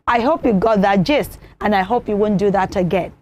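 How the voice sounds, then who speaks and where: A woman presenting a children's television show, teaching manners in an animated way and acting out examples. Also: mid-range voice, brisk, slight background noise. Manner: animated, repeats points, acts out examples.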